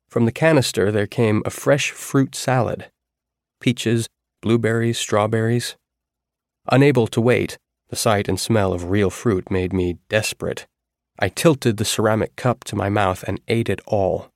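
A man narrating a first-person audiobook in a steady, measured way. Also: fairly low pitch, no echo, clean studio sound.

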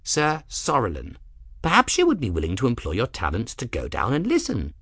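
A man's voice: medium pitch, huge pitch swings, a little fast, fairly bright tone, husky, no room sound, exaggerated voice. Man playing a pompous old scholar-mage. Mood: lofty. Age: older. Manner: pompous, lofty and theatrical.

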